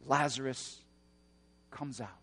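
A man preaching a sermon, moving between hushed, slow passages and loud, roaring emphasis. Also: medium pitch, husky, big-room sound. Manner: dynamic preaching, swings from hushed to shouting. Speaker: pastor.

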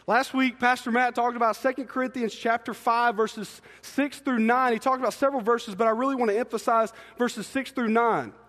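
A young man preaching an energetic, joking sermon as a student ministry pastor, talking fast and excitedly. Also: very high voice, in a large hall. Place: church sanctuary.

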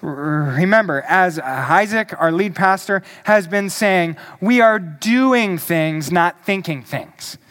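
A male pastor preaching a sermon, emphatic and deliberate, asking the congregation questions. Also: sits high, lively intonation, fairly bright tone.

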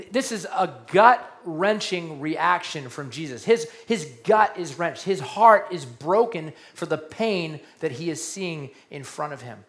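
Animated man preaching a sermon. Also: fairly high pitch. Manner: animated preaching, repeats key lines, drops to quiet soft tones for emphasis. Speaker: pastor.

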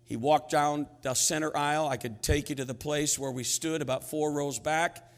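A man's voice: a little high, normal speed. Older male pastor, reverberant sanctuary. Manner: storytelling, animated and humorous, shifts between hushed and loud. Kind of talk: sermon. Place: church sanctuary. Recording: long hall reverb in sanctuary.

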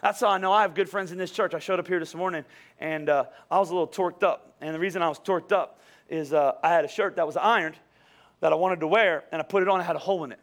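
High, bright-voiced male pastor preaching. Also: fast. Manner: animated storytelling with quoted dialogue and rhetorical questions. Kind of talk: sermon.

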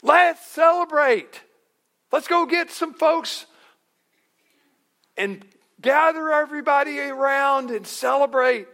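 A man's voice: extremely high pitch, takes it slowly, gravelly, long pauses, pushed and bright, pitched above the performer's own voice, exaggerated voice. A man voicing an overjoyed elderly priest, squealing and gushing with glee. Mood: giddy.

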